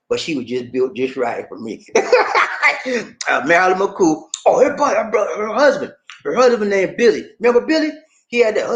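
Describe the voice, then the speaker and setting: A man hosting a casual livestream, reading out viewer comments in a laid-back way, calling people "man" and "buddy" and laughing often. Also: dull audio. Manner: pitch swings widely between low asides and high exclamations. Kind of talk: casual live chat.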